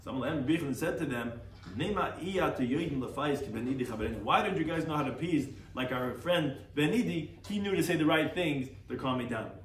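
A man's voice: on the high side, fairly quick. A man, a rabbi teaching a daily Talmud class, reads Aramaic phrases and explains them in English, acting out the sages. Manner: animated, acts out the quoted sages. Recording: echoey room, far from mic, faint noise.

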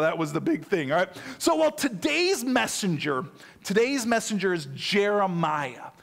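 A man preaching a sermon, his voice high for a man. He tells stories in a lively way, repeats himself and restarts often, and keeps asking his listeners if they follow. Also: creaky. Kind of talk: sermon with personal storytelling.

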